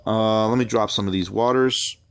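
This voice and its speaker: A man doing let's play commentary, thinking out loud and reading the game's text aloud in a chatty way. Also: on the low side, steady tone, normal speed, creaky, soft background music. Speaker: game streamer.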